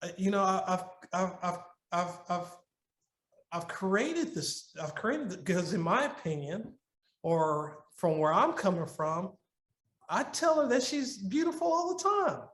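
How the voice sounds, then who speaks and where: A middle-aged man with a fairly high voice talks earnestly as a podcast guest, sharing advice on marriage in a loose, conversational way. He stumbles, repeats and restarts his words as he works through a story. The sound carries a noticeable roomy echo. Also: big pitch swings, unhurried, fairly bright tone.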